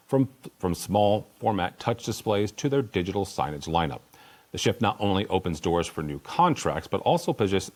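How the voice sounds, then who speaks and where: A man hosting a podcast, reading industry news in a steady scripted delivery. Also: lowish voice. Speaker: host.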